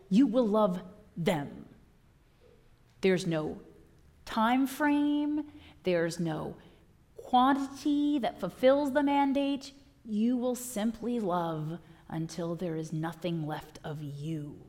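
A woman pastor preaching a sermon with impassioned delivery, swinging from loud declarations to hushed lines. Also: mid-range voice, lively intonation, takes it slowly.

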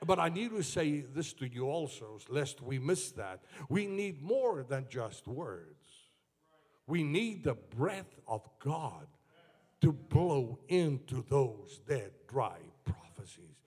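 A man preaching a sermon to his church, moving from slow, low passages up to shouted climaxes. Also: very animated, breathy edge.

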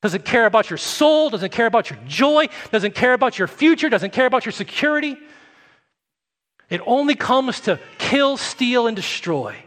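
A man delivers a sermon with an earnest, pleading tone, his voice sitting high for a man. He often slows down and drops to a softer, quieter delivery to press a point home. The sound carries a long reverb, as if filling a church sanctuary. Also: very animated. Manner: earnest preaching, slowing and softening for emphasis. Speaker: pastor.

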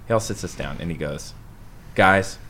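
A man's voice: extremely low pitch, fast talker, slight background noise. A man co-hosting a podcast, telling a story in casual chat, self-mocking and laughing as he goes. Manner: animated, self-mocking storyteller who laughs mid-sentence. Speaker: podcast co-host.

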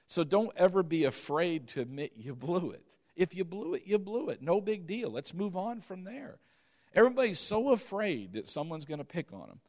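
A male pastor preaching a sermon in an emphatic, animated way, with sudden swings in loudness. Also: high voice.

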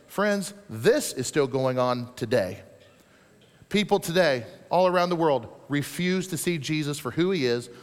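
A man gives a sermon from the pulpit, his voice pitched high for a man. He preaches with animated rises and sudden soft drops, slowing right down for scripture. The sound carries the long reverb of a large sanctuary. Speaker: pastor.

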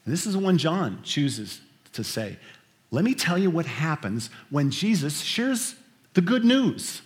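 A man preaching a sermon, shifting between hushed scripture reading and loud, emphatic storytelling. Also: a little high, sing-song, unhurried. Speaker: pastor.

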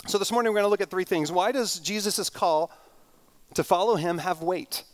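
High-voiced man preaching a sermon. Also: moderate pace. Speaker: pastor. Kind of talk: sermon with storytelling.

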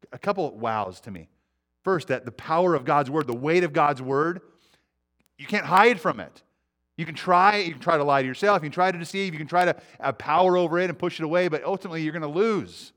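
Earnest preacher with hushed phrase endings. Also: male voice, on the high side, fairly quick. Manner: earnest, often dropping to a quiet hush at phrase ends; repeats words as he restarts. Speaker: pastor. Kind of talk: sermon.

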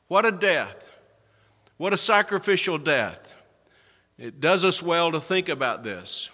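A male pastor preaching a sermon, slowing down and building up to stress key words. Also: on the high side, bright, forceful tone. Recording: echoey hall with long reverb.

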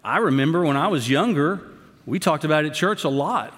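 A male pastor preaching a sermon, his voice sitting a little high for a man. He pleads with passion, and his words ring out with the long reverb of a church hall. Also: fairly quick. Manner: impassioned, pleading, animated delivery.

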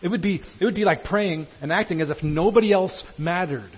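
Pastor, husky, slightly high voice, earnest sermon delivery, dull lo-fi church recording. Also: male voice, fairly quick. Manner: earnest, emphatic preaching with wide swings from loud to hushed. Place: church sanctuary.

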